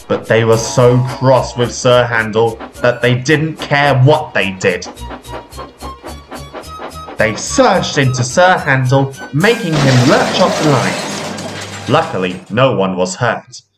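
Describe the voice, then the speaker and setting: Slow, expressive male storybook reader. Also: mid-range voice. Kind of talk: storybook narration.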